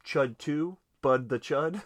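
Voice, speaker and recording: A man's voice: a little high, slow, no echo. A man co-hosting a casual film podcast, chatty and profane, laughing often and acting out movie lines. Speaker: podcast co-host. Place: home, recorded late at night.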